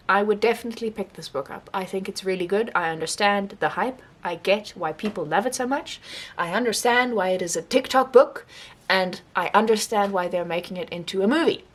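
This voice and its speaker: A young woman book vlogger giving a casual, rambling monthly reading wrap-up, animated and laughing often. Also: mid-range voice, moderate pace.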